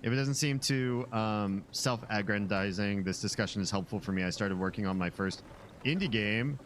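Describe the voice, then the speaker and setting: A man's voice: on the low side, moderate pace, a little hiss or hum. A man streaming a game, rambling sardonically to his chat. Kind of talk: casual gameplay commentary.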